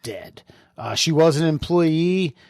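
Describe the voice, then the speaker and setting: A man on a comedy podcast who rambles and restarts his sentences, mixing swearing with dark humor. He sits at a middle pitch. The sound is dry and close to the mic. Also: lively intonation, takes it slowly, gravelly, dry recording. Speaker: podcast co-host. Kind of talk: casual comedic chat.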